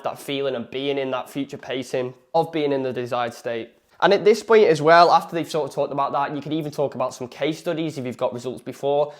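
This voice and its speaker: Fast-talking young man coaching. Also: mid-range voice. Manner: fast, conversational, full of "you know" fillers. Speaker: sales coach. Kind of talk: casual instructional talk to camera.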